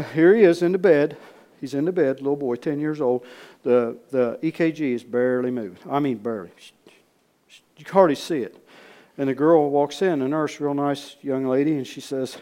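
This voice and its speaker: A man preaching in a storytelling way, folksy and repetitive, swinging from loud re-enactment to hushed asides. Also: fairly high pitch. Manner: repeats words, folksy speech. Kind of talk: storytelling sermon.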